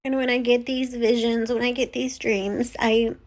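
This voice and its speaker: A woman sharing a personal spiritual vlog, earnest and emotional, halting with many restarts. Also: fairly high pitch, flat delivery, low-quality recording. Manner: earnest, pleading. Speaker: spiritual content creator.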